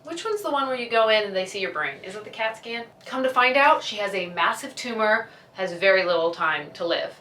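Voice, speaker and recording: A woman's voice: mid-range voice, lively intonation, fairly quick, pushed and bright, a little hiss or hum. Chatty young woman in an echoey room. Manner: chatty, gushing, acts out characters' lines. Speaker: vlogger. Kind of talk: casual chat. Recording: echoey room, a bit far from the mic.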